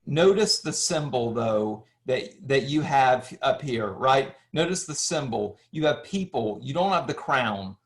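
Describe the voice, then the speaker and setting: Man lecturing, explaining slides. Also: medium pitch. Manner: explanatory, asks and answers his own questions, many restarts. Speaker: history lecturer.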